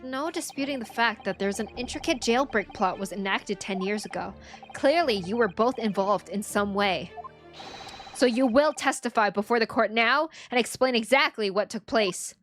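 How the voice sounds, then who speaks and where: A woman's voice: fairly high pitch, normal speed, fairly bright tone, faint music behind, natural voice. Woman reading a cold, accusing prosecutor.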